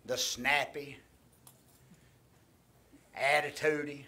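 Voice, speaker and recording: A man preaching a sermon into a microphone in a church, swinging from shouting to hushed near-whispers. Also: medium pitch, animated, a little slow, pauses often. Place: church sanctuary. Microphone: handheld or stand microphone.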